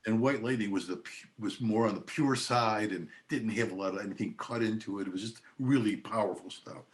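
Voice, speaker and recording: Older male guest, low-pitched, easygoing raconteur. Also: fairly quick. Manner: relaxed anecdotal telling, often laughing. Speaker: attorney and podcast guest. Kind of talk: casual storytelling.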